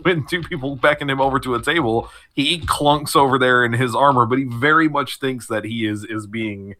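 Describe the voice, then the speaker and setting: A man with a bright, forceful voice talks casually as a player in a tabletop game. He is easygoing and chuckles between phrases as he describes his character. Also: medium pitch, moderate pace.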